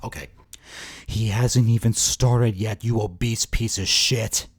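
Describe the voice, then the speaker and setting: A man's voice: on the low side, steady tone, takes it slowly. A man reviewing video clips in mocking, exasperated commentary, swearing often. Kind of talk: sarcastic commentary over clips.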